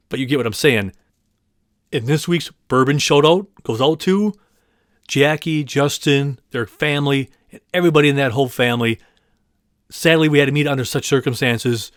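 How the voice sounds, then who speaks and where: A man's voice: medium pitch, dry recording, studio quality. Rambling, self-deprecating podcast host, a man. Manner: rambling and self-deprecating, with restarts and stumbling over place names. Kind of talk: casual monologue thanking listeners.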